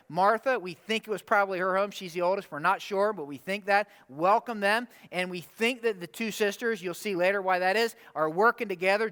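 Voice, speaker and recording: Animated man preaching in a big hall. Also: sits high. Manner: conversational and animated, rhetorical questions. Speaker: pastor. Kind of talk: sermon. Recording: long hall reverb.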